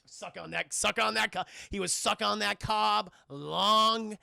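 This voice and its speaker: A man's voice: high-pitched, measured pace, vocal fry, bright, forceful tone, dry recording, clean studio sound. A man reviewing a film for his stream chat, telling the plot in a loose, profane ramble and calling out to the chat. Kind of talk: casual spoiler recap.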